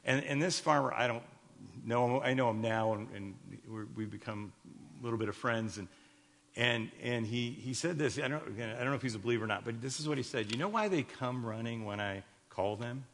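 Medium in pitch, fairly quick, and fairly bright, the voice belongs to a Chicago pastor in his fifties. He tells sermon stories with many restarts and light jokes aimed at the congregation, and the recording carries echoey hall reverb.

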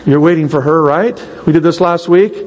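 A man's voice: a little high, brisk, darkish tone, long reverb tail, low-quality recording. A man preaching a sermon in a church, asking the congregation rhetorical questions and acting out little quotes. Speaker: pastor.

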